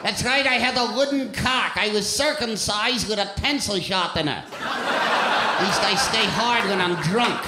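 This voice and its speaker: A man's voice: sits high, measured pace. A man doing brash, profane stand-up crowd work on a comedy club stage, laughing at his own jokes. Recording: echoey club with loud room noise.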